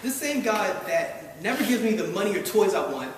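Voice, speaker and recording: A man's voice: high voice, big pitch swings, normal speed. A man telling a wry, self-deprecating personal story live to an audience that laughs along. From Baltimore. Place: live event hall with audience. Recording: echoey hall, distant mic, noisy.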